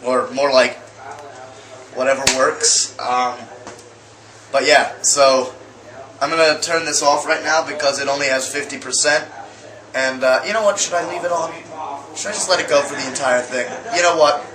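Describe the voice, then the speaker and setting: A man's voice: fairly high pitch, normal speed, long pauses, crowd noise. A young man vlogging, telling a story to camera in a casual, rambling way full of fillers and restarts. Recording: echoey room with faint ambient noise.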